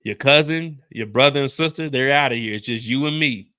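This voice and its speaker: A man's voice: mid-range voice, brisk, sharp tone, clear, resonant tone, dry recording, studio quality, close to an everyday voice. A man doing a cold, commanding crime-boss woman. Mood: threatening.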